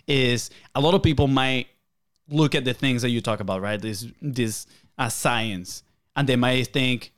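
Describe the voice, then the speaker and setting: A man co-hosting a podcast who thinks out loud, hedges his points and asks questions. His voice sits at an ordinary mid pitch. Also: unhurried, clean tone. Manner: thoughtful, hedging, asks questions. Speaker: podcast co-host. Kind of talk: casual podcast conversation.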